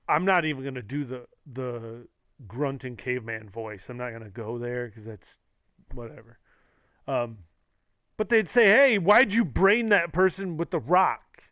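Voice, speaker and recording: A man's voice: fairly high pitch, no echo. A man streaming, rambling casually with sarcastic jokes and acted-out quotes. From the Valley. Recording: dull lo-fi mic, dry.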